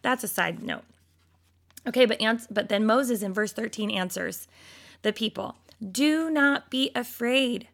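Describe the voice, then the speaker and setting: A woman with a fairly high, creaky voice leads a devotional Bible lesson at a measured pace. She's lively and addresses listeners directly, reads scripture aloud, and mocks complaints using exaggerated whiny voices.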